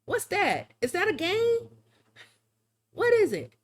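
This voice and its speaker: Slow-talking woman streamer. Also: very high voice, huge pitch swings. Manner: rambling, chatty, laughs often. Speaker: live-streaming digital artist. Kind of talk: casual livestream chat while drawing.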